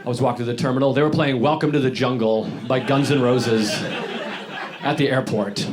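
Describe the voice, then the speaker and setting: A man doing a stand-up comedy set on stage, grumbling and deadpan, acting out bits in put-on voices. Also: mid-range voice, brisk, a crowd in the background. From New York. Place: comedy club stage before a laughing audience. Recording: live set with loud audience laughter.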